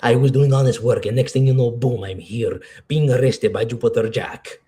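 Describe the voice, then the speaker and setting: A man's voice: medium pitch, moderate pace, warm tone, close to an everyday voice. A man voicing a shady male alien crook who pleads his innocence in a rambling way with a put-on accent. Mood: pleading.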